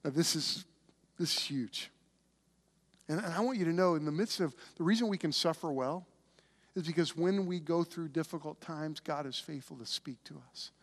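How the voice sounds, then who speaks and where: A man's voice: fairly high pitch, normal speed. A man preaching a conversational sermon, with frequent restarts, who acts out the voices of biblical figures. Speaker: pastor.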